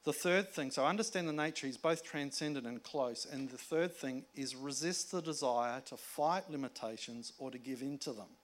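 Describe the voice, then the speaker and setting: A man preaching a sermon in a conversational way, moving between emphatic points and hushed asides. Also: medium pitch, normal speed, few pauses. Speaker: pastor.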